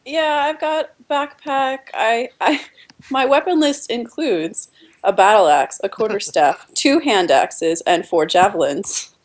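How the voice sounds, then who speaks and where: A woman playing a tabletop game, speaking in an amused, unhurried way. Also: a little high. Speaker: player. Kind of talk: casual tabletop play.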